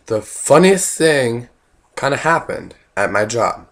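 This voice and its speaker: Hoarse man, casual comic storyteller, rambling with lots of "like". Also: medium pitch, sing-song, takes it slowly. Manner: rambling, full of "like" and "you know", voices in the quotes. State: hoarse, losing his voice. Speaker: vlogger.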